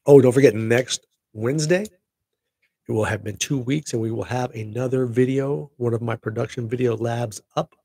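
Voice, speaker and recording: A middle-aged man hosting a casual solo show, chatting in an excitable, rambling way with laughing asides. His voice is gravelly and a little husky, at an ordinary middle pitch. The sound is dry and close. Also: moderate pace, no room sound. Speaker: podcast host.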